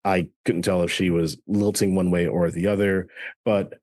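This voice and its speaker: A man's voice: low-pitched, level tone, moderate pace, darkish tone, dry recording, studio quality. An American man co-hosting a podcast, chatting casually about the news with lots of hesitant ums and restarts. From United States. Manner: hesitant, many fillers and restarts. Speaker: podcast co-host.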